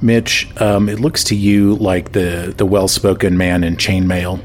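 A man's voice: sits low, little pitch movement, measured pace. A man narrating a tabletop game as game master, rambling with many fillers.

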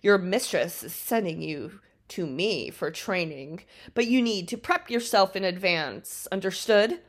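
A woman's voice: lowish voice, expressive, a little slow, fairly bright tone. A woman voicing a strict, domineering nurse who barks stern commands. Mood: commanding.

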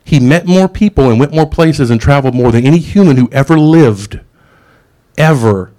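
A man's voice: mid-range voice, expressive, moderate pace, mellow. Guy preaching a sermon, laid back and joking around, middle-aged. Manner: casual, conversational preaching with asides and jokes.

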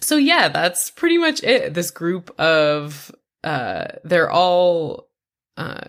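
A woman's voice: fairly low pitch, animated, takes it slowly, a bit bright. A woman co-hosting a film podcast, chatty and laughing at her own jokes. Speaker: podcast co-host. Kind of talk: casual podcast chat about a horror film.

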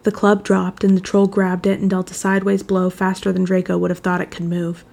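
Reading fan fiction aloud for an audiobook, the narrator has a deep, gravelly female voice. Her pacing stays steady and controlled, like someone settling into a lengthy stretch of story.

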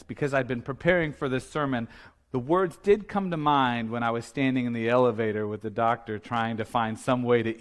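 A man's voice: mid-range voice, a bit bright. A man preaching a sermon as the church's pastor, talking in a casual, joking way and often laughing at his own remarks. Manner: conversational and playful, laughing often.

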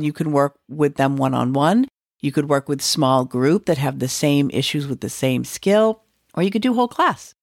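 A woman's voice: deep voice, no room sound, clean studio sound. A woman teacher hosting an educational podcast, talking in a conversational way and musing aloud with the odd filler.

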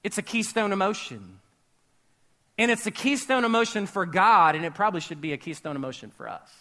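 A man preaching a sermon to a live church audience, conversational and joking, quizzing the crowd, and rising to shouts on key words. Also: high-pitched, a little fast. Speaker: pastor.

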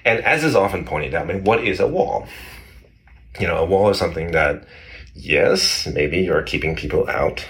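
A man's voice: deep voice, animated, moderate pace, a bit bright. A man casually telling a history story in conversation, rambling with many restarts. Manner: rambling, many restarts, acts out quoted voices. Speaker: guest explaining history.

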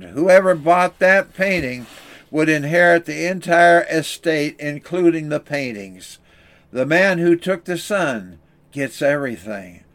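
A man's voice: fairly high pitch, close to an everyday voice. A man voicing a persistent male auctioneer who calls out bids at an estate sale. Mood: solemn. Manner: insistent, calling out bids.

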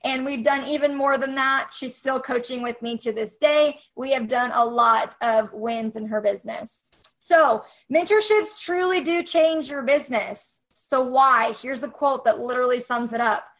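A woman's voice: high voice, normal speed, a bit bright, low-quality recording. A woman coaching photographers on a casual livestream, upbeat and encouraging, speaking straight to her viewers.

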